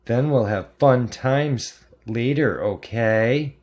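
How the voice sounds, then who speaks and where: A man's voice: medium pitch, slow pace, darkish tone, pitched above the performer's own voice, close to an everyday voice. A man voicing a sugary, fake-sweet female schoolteacher who coos in a baby voice. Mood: saccharine. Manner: cooing baby voice.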